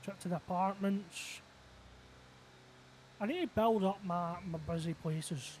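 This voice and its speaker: A man's voice: high-pitched, a little mellow, slight background noise. A man streaming live, chatting casually and thinking aloud. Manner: rambling, thinks aloud, quick asides.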